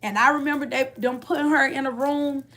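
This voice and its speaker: A woman's voice: sits high, fairly even intonation, a little fast, fairly bright tone. A middle-aged woman giving a heartfelt personal testimony of faith, repeating and restarting her phrases as she speaks. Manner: heartfelt, repetitive, restarts phrases, Southern Black church cadence of faith talk. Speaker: mother sharing a testimony.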